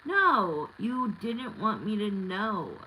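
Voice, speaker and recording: A woman's voice: on the low side, lively intonation, slow, a bit bright, a little hiss or hum, poor audio. A woman in her thirties giving a live tarot reading, talking candidly and bluntly with lots of fillers. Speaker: tarot reader.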